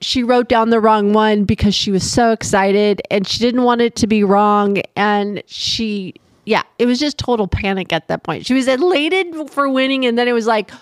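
A middle-aged woman co-hosting a podcast tells a family story in casual chat, animatedly acting out the voices of the people involved. She speaks at medium pitch and normal speed with few pauses, and there's no room sound.

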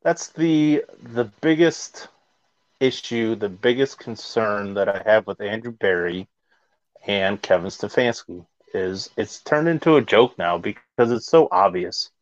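A man hosting a casual sports talk show, measured and thoughtful. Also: on the low side, expressive, no echo, lo-fi sound. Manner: measured, with fillers. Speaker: podcast host.

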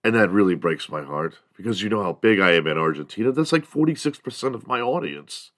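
Low-voiced dude doing a podcast monologue, hyped and swearing, super dry mic. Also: male voice, expressive, brisk, dry recording. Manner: hyped, rambling and profane. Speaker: podcast host. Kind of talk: casual comedy podcast monologue.

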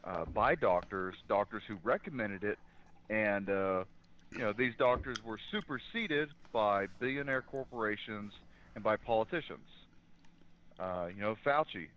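A man with a fairly low voice speaks as a guest on a talk show. He talks in an earnest, opinionated way and pauses often with fillers. His voice comes through a dull, lo-fi line. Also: animated. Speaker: guest in law enforcement. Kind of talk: casual political talk.

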